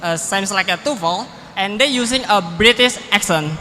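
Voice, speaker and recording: An audience member with an Indonesian accent asking a question at a seminar, halting and searching for words. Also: medium pitch, sharp tone. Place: large seminar hall. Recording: echoey hall, faint noise.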